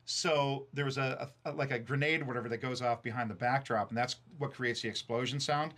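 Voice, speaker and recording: A man casually telling road stories from his band days, profane and animated, full of fillers. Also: mid-range voice, brisk. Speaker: streamer and band frontman. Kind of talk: casual storytelling chat. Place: recording studio.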